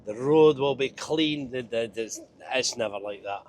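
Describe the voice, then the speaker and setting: A Scottish man talks from his truck cab with a stuffy, nasal voice from a cold. He chats in a wry, self-mocking way at an ordinary middle pitch. A faint engine hum sits behind him. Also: a little slow. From Scotland. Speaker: truck driver vlogger. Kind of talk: casual driving vlog.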